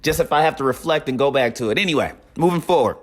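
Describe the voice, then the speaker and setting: A young man telling a casual, animated story with a recurring catchphrase and acted-out quotes. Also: medium pitch, fast talker.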